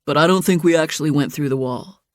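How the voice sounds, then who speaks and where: A woman's voice: deep voice, fast talker, no echo, studio quality, natural voice. A woman narrator voicing a big, easygoing young man who jokes and reassures. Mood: excited. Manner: joking, reassuring.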